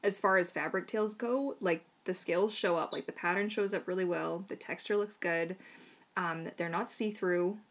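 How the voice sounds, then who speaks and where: A woman's voice: on the low side, moderate pace. Bubbly woman chatting on a livestream. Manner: chatty and bubbly, many fillers, laughs often. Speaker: livestream host, mermaid tail maker. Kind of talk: casual live Q&A chat.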